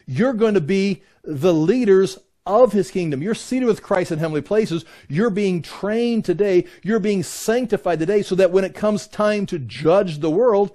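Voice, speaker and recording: A man teaching a Bible class in an explanatory way, often pausing with "uh" and restarting his sentences. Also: high-pitched, dark tone.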